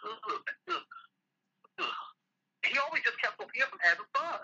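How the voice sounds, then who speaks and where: A man's voice: very high-pitched, animated, normal speed, vocal fry, pushed and bright, breathy edge, muffled recording. A man co-hosting a casual podcast chat, ranting emphatically and swearing freely. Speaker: podcast co-host.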